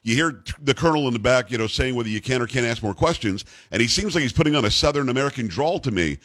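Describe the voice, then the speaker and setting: A man hosting an interview who talks quickly and eagerly, stumbling and restarting as he goes. His voice is dry and close, with no room sound around it. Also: medium pitch, expressive, a bit bright, dry recording. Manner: eager, chatty, frequent restarts. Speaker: host. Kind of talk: casual interview.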